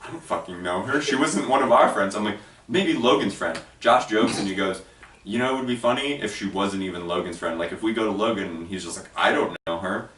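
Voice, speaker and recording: A man's voice: lowish voice, brisk. A man telling a story in a casual vlog, swearing freely and acting out what others said. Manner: animated, swears freely, quotes people in put-on voices. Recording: echoey room, mic at a distance, faint noise.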